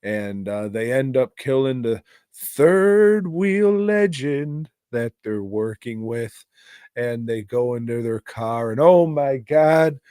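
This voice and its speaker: Slow-talking, profane podcast co-host man. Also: medium pitch, dark tone, clean tone, no echo, clean studio sound. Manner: rambling, profane and exasperated. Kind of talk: casual movie review chat.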